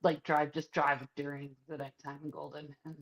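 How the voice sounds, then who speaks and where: The lo-fi sound carries a woman whose voice sits low, moving at a moderate pace. She co-hosts a podcast and casually relates a personal story, swearing heavily and animatedly acting out others' words.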